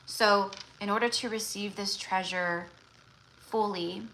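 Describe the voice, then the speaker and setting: Woman, tarot livestream host, casual rambling chat, bright clear voice, lots of fillers. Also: mid-range voice, steady tone, slow, a little hiss or hum, low-quality recording. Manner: rambling, full of fillers and restarts.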